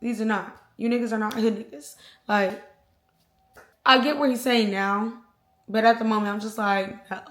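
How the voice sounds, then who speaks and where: A young adult woman vlogger telling an animated, slangy storytime with sound effects. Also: fairly high pitch, moderate pace, pauses often. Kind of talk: storytime vlog. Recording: roomy echo.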